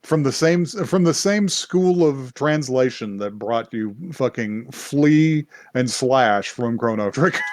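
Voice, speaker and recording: A man co-hosting a podcast, casually recapping an anime episode, animated and swearing, acting out characters' lines. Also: medium pitch, slow pace, few pauses, a little hiss or hum. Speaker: podcast co-host.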